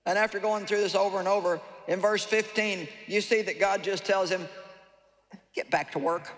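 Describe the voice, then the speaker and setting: A woman preacher giving a lively, humorous sermon to a live audience, reading scripture and acting out the people she talks about. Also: mid-range voice, a little fast. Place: large hall with a live audience. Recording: echoey hall, faint ambience.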